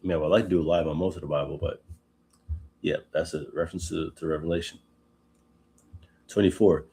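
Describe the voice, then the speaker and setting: A man hosting a live Bible study, reading scripture slowly and breaking off into casual, animated asides. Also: rumbling low. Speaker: host.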